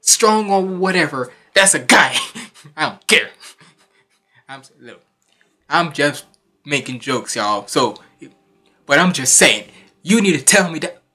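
A man's voice: fairly high pitch, lively intonation, slow, long pauses, bright, forceful tone, breathy edge. A young man hosting a reaction video, bantering in a laid-back, joking way and often apologizing. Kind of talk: casual reaction commentary.

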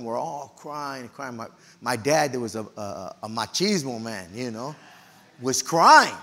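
A middle-aged man preaching in a church, telling a personal story with emotional, animated delivery and loud outbursts. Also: medium pitch, vocal fry, big-room sound. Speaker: pastor. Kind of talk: storytelling sermon.

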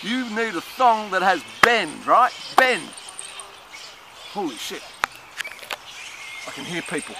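Man, high voice, erratic improvised monologue and chant, street noise behind. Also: very animated, slow, pauses often. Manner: erratic, swings from muttering to loud chanting. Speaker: performer in an experimental film. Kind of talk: rambling improvised monologue and singing. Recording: outdoor recording with clear street noise.

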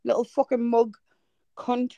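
A woman's voice: on the high side, completely flat delivery, vocal fry, warm tone, no room sound, muffled recording. Sweary teasing Irish woman on a live call. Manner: sweary, teasing, quick-fire. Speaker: livestream host. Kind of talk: casual crude banter on a livestream.

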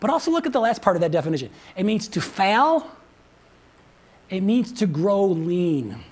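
A man's voice: high-pitched, sing-song, normal speed. A man preaching a sermon as pastor in a conversational way, repeating phrases and often asking the congregation questions. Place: church.

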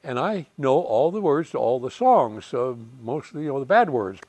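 A man in his eighties, a retired fighter pilot telling lively war anecdotes, chuckling and acting out the voices of people he quotes. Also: medium pitch, moderate pace, dry recording. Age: 80s. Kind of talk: storytelling anecdotes.

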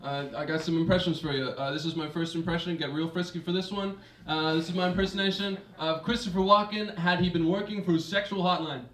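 A young man doing a stand-up set, halting with lots of fillers and restarts. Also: on the high side, fairly even intonation, fairly bright tone. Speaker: stand-up comedian. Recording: roomy, distant mic, hissy noise.

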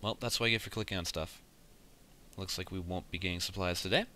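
A man's voice: low-pitched, steady tone, fast, bright, forceful tone, a little hiss or hum. A young man giving casual let's play commentary, swearing often and muttering at the game in frustration.

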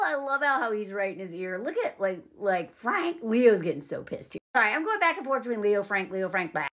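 A woman's voice: medium pitch, very animated, fairly quick, hardly any pauses, fairly bright tone. A young woman, chatting opinionatedly through a movie reaction. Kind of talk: casual movie commentary.

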